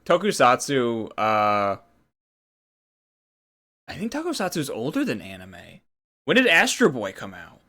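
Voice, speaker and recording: Bright-voiced man rambling casually. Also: mid-range voice, wildly swooping pitch, a little slow, pauses often. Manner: rambling, explains trivia. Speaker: host. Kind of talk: casual chat.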